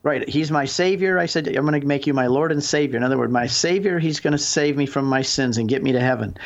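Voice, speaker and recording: A man's voice: mid-range voice, fast, creaky, dull audio. Earnest sixties man telling his story. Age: 60s. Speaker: guest. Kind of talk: call-in radio conversation.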